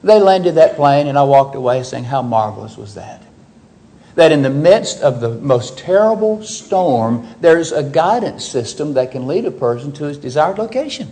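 Man preaching with expressive pitch swings. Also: moderate pace, few pauses, poor audio. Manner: expressive preaching, voicing biblical speakers with rises in pitch. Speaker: pastor. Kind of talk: sermon.

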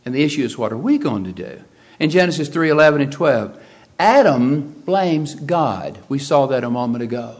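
A man's voice: fairly high pitch, animated, normal speed. Man preaching an emphatic sermon. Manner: emphatic, swinging between quiet asides and loud exclamations.

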